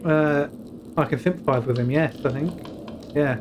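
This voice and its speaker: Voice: medium pitch, normal speed, pauses often, noisy background. Wry British streamer with casual asides. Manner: casual, wry asides, stumbles over names. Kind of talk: playing a story game and reading its dialogue aloud, with chatty asides.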